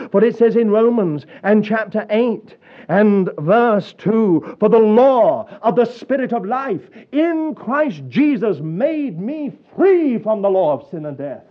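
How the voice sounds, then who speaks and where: A man preaching a sermon, telling stories with a chuckle in an animated way. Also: high-pitched. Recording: dull lo-fi sound.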